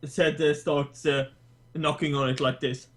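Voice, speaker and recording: A man taking part in a tabletop game as a player, his voice a touch high. He laughs often and trips over his words. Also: little pitch movement, measured pace, over loud music. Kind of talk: casual tabletop role-play.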